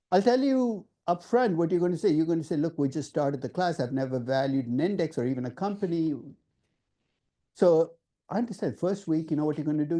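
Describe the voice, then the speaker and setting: A man giving a classroom lecture as a professor, lively and emphatic, talking directly to students and asking them questions. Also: on the high side. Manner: lively, emphatic, conversational teaching with rhetorical questions.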